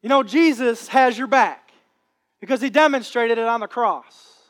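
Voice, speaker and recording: A man's voice: very high voice, moderate pace. A man preaching a sermon with impassioned, repetitive phrasing. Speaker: pastor.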